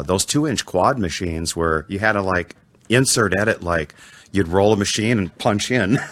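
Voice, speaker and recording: A man's voice: sits low, fairly bright tone, dry recording. A man in his sixties hosting a casual interview, enthusiastic and full of praise for his guests. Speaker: interview host.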